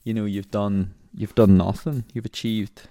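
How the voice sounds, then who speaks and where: A man's voice: fairly low pitch, steady tone, normal speed, mellow. A young adult man who runs marathons, talking casually and ramblingly with many fillers while in an apartment. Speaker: marathon runner. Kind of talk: casual vlog monologue. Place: apartment indoors.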